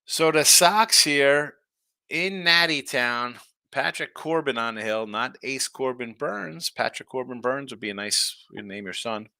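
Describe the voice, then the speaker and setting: A man hosting a sports betting show, chatting casually and reacting to viewer comments in a lively, tired-but-animated way. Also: medium pitch, measured pace, vocal fry, no room sound, studio quality. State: tired, yawning. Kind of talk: casual betting talk reading chat.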